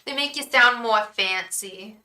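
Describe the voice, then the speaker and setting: Bright-voiced young woman reading tarot live. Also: fairly high pitch, unhurried, poor audio. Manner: chatty and effusive, thanks viewers by name, repeats phrases. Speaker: tarot reader hosting a live stream. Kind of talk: live-stream tarot reading, chatting with viewers.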